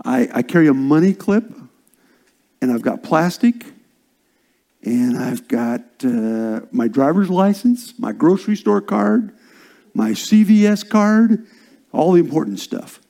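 An older man preaching a sermon as a pastor, swinging from loud, stressed phrases down to hushed whispers. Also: fairly high pitch, very animated, measured pace, gravelly.

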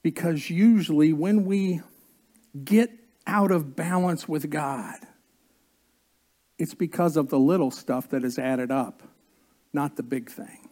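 A man preaching a sermon as pastor, slow and earnest, drawing out key words and coaxing the congregation to join in. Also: fairly high pitch, warm tone.

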